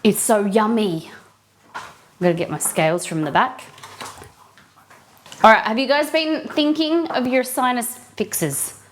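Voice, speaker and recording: A woman's voice: fairly high pitch, unhurried, long pauses, a little hiss or hum. A woman hosting a live cooking stream, chatting casually with viewers and greeting them by name.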